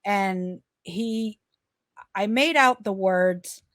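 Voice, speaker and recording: Slow-spoken woman. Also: mid-range voice, fairly bright tone, no echo, studio quality. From Brazil. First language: Portuguese. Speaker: guest. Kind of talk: casual chat.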